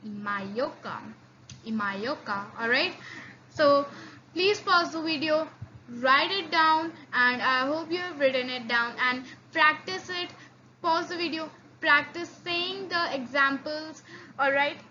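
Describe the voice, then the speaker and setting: A woman teaching an online lesson in a high, bright voice. She talks slowly and haltingly, repeats herself, and drills sounds one at a time. The recording sounds a little dull, with faint hiss behind her. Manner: halting, many fillers and repeats; slow drilled repetitions of sounds. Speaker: language teacher. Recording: slightly dull lo-fi audio with faint noise.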